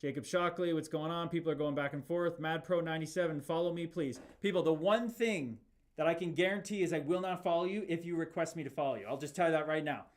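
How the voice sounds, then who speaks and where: A man's voice: on the high side, fast. A man in his thirties, a former fighter from Canada, hosting a livestream. He reads chat aloud and talks emphatically, repeating himself like a preacher. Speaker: podcast host reading live chat. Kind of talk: livestream talk.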